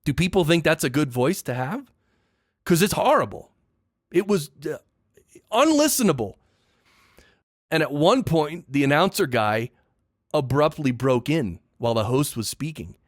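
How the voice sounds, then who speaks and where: A man's voice: fairly high pitch, animated, a little slow, long pauses, dry recording, clean studio sound. A man hosting a solo podcast, giving a casual, opinionated rant full of emphatic repeats and blunt judgments. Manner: opinionated, emphatic ranting with repetitions. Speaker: podcast host.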